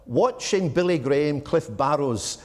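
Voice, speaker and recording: A Scottish man in his seventies giving a measured, reflective talk to a church audience, with frequent ums. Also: a little high, expressive. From Scotland. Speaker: speaker at a church gathering. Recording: long hall reverb.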